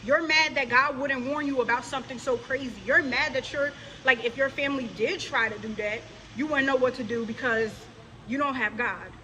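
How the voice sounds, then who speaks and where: A woman's voice: sits high, normal speed, bright, forceful tone, a little hiss or hum, poor audio. A woman vlogger delivering a scolding, confrontational rant straight to her viewers, mocking the people she addresses. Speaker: religious vlogger. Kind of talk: direct-to-camera rant.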